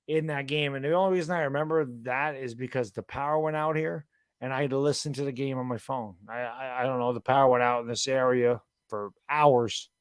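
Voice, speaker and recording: A man's voice: medium pitch, clean tone, no echo, clean studio sound. A man in his thirties, co-hosting a sports talk stream, tired and yawning, chatting in a loose, rambling way. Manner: rambling, relaxed storytelling. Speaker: co-host. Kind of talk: casual chat.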